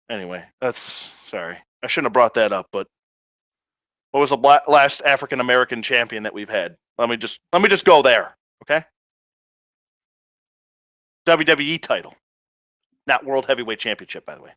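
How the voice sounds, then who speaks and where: Bright-voiced, exasperated ranting man. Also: mid-range voice, animated, normal speed, long pauses, dry recording. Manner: profane, exasperated, sarcastic ranting. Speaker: wrestling reviewer. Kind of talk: casual rant review.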